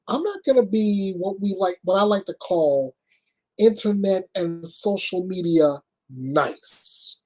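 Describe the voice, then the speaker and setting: A male news host with a husky, somewhat high voice who talks bluntly and emphatically. He reads crime reports and comments without softening anything. His delivery is deliberate. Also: animated.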